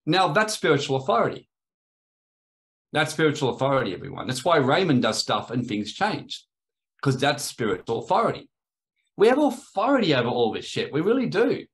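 A man's voice: a little high, big pitch swings, fairly quick. Man telling spiritual stories in sermon. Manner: rambling, anecdotal, acts out quoted voices. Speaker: spiritual teacher. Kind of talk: sermon-style storytelling.

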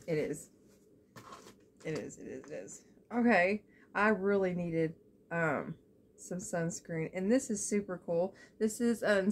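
A young woman, chatting excitedly as she unboxes beauty products, full of "like" and "y'all". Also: lowish voice, a little hiss or hum. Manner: gushing and excitable, lots of "like" and "y'all". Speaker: beauty vlogger. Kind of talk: casual unboxing chat.

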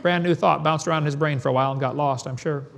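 A man's voice: a little high, steady tone, quick pace, vocal fry. A man giving a preaching lecture to an audience in a folksy, emphatic way, firing off rhetorical questions and chuckling. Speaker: creationist seminar speaker.

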